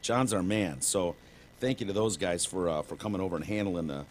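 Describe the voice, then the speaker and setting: A podcast co-host chats casually in a low-pitched, slightly fast voice, rambling with plenty of fillers and swearing.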